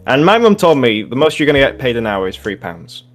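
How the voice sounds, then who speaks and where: A young man co-hosting a casual podcast, rambling through work stories with plenty of swearing and laughter. His voice sits at an ordinary middle pitch. Faint music plays underneath. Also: very animated, fairly quick. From England. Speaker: podcast co-host. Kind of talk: casual storytelling chat.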